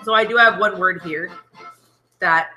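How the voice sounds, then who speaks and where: A woman's voice: lowish voice, measured pace, bright, forceful tone, faint music behind, poor audio. A woman co-hosting a casual drinking show, chatty and laughing, teaching words in a teacherly way. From Ireland. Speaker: co-host.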